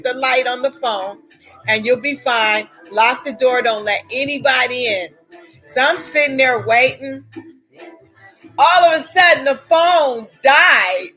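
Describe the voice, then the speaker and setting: Lively high-voiced American woman storyteller. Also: husky, rough recording. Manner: dramatic, laughs often, acts out her own shouts. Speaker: vlogger telling a travel story. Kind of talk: animated storytelling to viewers.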